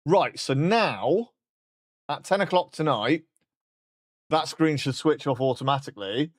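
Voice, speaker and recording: A man's voice: on the high side, expressive, unhurried, no echo, studio quality. A man streaming a casual chat, joking about himself and swearing now and then.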